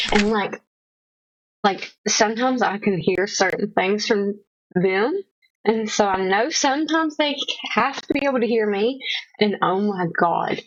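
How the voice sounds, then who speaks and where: A woman's voice: mid-range voice, no echo, lo-fi sound. A young woman streaming from home, chatting in a rambling, self-conscious, jokey way. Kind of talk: casual live-stream chat. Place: home room.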